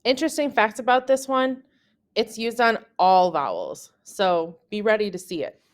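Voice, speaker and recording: A woman French teacher narrating a scripted lesson, saying example words slowly and carefully. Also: medium pitch, lively intonation.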